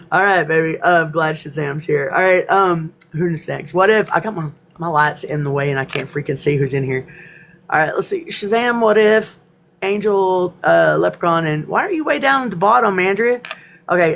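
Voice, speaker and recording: A woman's voice: lowish voice, normal speed, gravelly, fairly bright tone. Woman host, casual live chat, laughs a lot, on the verge of tears, faint background noise. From East Texas. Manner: emotional, laughs often, close to tears. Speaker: host of a live spiritual class.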